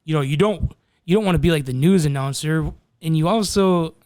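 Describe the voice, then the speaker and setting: A man's voice: fairly high pitch, a little fast, darkish tone, clear, resonant tone, no room sound, studio quality. A man co-hosting a podcast in laid-back casual chat, swearing freely. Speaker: podcast co-host.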